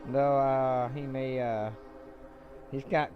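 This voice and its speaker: Male streamer, mid-pitched, reads game dialogue aloud with casual asides over game music. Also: level tone, slow, lo-fi sound. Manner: loose, joking asides between read lines. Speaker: livestreamer.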